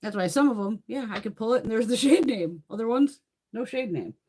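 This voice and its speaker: A woman's voice: a little high, animated, a little fast, warm tone, a little hiss or hum. A middle-aged woman hosting a casual beauty livestream, chatting freely, swearing often and laughing between thoughts. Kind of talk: casual live chat.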